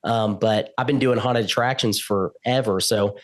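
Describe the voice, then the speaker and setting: A man telling a story as a podcast guest, acting out the quoted lines with big jumps in pitch. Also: normal speed. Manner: animated, acts out quotes with loud jumps in pitch. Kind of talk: casual storytelling.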